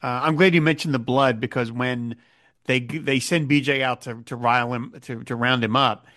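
Speaking at normal speed in a mid-range voice, this male podcast co-host casually walks through a TV episode. He performs the quoted lines in character as he goes. The audio is studio quality with no room sound.

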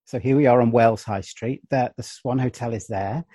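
A man's voice: medium pitch, moderate pace, dry recording. A man guesting on a podcast, talking easily and informatively through a film commentary. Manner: relaxed, informative, chuckling asides. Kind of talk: casual film commentary chat.

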